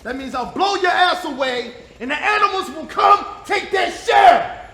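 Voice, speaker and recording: A menacing, hard-bitten soldier, as played by a man, barks and taunts his prisoner. His voice sits very high and swings widely, delivered slowly and heavily. It rings in an echoey room. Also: sing-song, some chatter behind, slight background noise, heavily acted. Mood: shouting. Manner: threatening, shouting in bursts, mocking laughs. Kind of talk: indie film drama.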